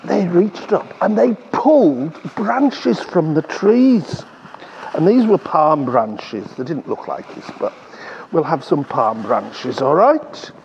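A man with an English accent leading a lively children's Bible talk, coaxing the kids along and drawing out words slowly. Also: high voice, slightly rough, muffled recording.

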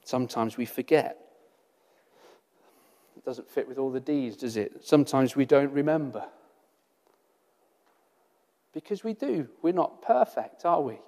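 A man preaching a sermon, earnest and steady, asking his listeners rhetorical questions and repeating phrases for emphasis. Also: mid-range voice, a little slow, long pauses. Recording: long hall reverb.

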